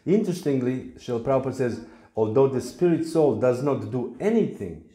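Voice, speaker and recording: Man, playful spiritual teacher, mellow tone, echoey hall. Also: mid-range voice, lively intonation, fairly quick. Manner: playful storytelling, acting out little voices. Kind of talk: lecture on scripture. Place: temple hall. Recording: echoey room.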